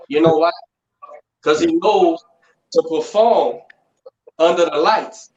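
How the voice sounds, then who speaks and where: A male boxing conditioning coach talking in a blunt, profane, animated way, in a casual podcast chat over a remote call. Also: high voice, unhurried, pauses often. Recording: echoey, muffled live-stream audio.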